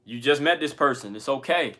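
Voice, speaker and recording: With lively intonation and a sharp tone, the man talks a little fast in a mid-range voice. He's a music maker hosting a channel, candidly encouraging his audience on camera in slangy, profane speech.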